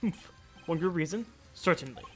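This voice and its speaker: A man's voice: fairly high pitch, lively intonation, normal speed, a bit bright, faint music behind. A man voicing a haughty, arrogant male researcher who opposes the investigation, speaking in a condescending, scoffing way while reading game dialogue aloud. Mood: scornful.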